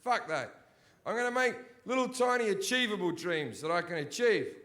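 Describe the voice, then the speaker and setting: A man in his thirties doing a stand-up comedy set in a big theatre, with a profane, ranting delivery that often swells into shouting. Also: high voice, big pitch swings, moderate pace. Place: large sold-out theatre.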